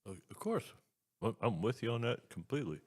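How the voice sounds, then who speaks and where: A man's voice: medium pitch, animated, fairly quick, a little mellow, slightly rough. A man co-hosting a talk radio show, blunt and joking, swearing freely. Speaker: radio co-host. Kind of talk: casual talk radio banter.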